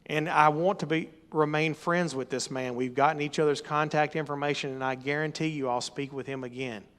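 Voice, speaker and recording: A middle-aged man preaching a sermon, emphatic and rising to loud exhortation. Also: on the high side, fairly even intonation, fairly quick. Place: church or meeting hall.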